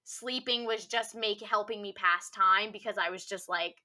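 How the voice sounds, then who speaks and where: A young woman telling a personal story on a podcast, rambling casually with constant "like" fillers and a soft, subdued delivery. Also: mid-range voice, normal speed. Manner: rambling, heavy use of "like" filler.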